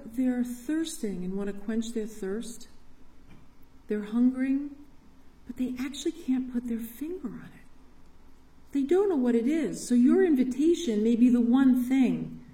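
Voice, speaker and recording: Woman, church speaker, enthusiastic storyteller, mellow tone, echoey hall, distant mic. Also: on the high side, a little slow. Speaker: parish ministry speaker. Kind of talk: inspirational church talk.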